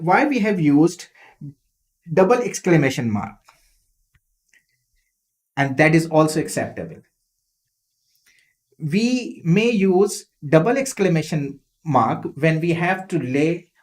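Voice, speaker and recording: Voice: medium pitch, a little mellow. A teacher giving an online exam-prep lesson, explaining step by step and acting out the example sentences with expression. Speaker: English teacher.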